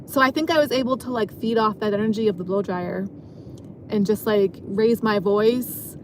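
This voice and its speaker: A woman's voice: medium pitch, normal speed, a little hiss or hum. A woman vlogger rambling casually from her car, self-deprecating and laughing often. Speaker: vlogger and dancer. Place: parked car.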